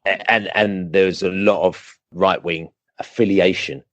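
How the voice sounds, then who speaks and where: A man, a podcast guest telling animated, rambling football fan stories full of fillers. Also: deep voice, measured pace, no echo, dull audio. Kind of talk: casual storytelling interview.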